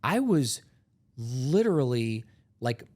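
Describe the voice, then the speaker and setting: Animated storytelling man. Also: medium pitch, slow. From Ohio, USA. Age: middle-aged. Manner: animated, acts out both sides of dialogues, stammers when emotional. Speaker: guest, entrepreneur. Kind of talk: emotional personal storytelling.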